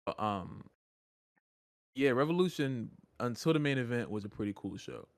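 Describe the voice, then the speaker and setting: A man's voice: mid-range voice, lively intonation, moderate pace, no room sound. A man co-hosting a podcast in loose, joking casual chat, swearing freely. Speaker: podcast co-host.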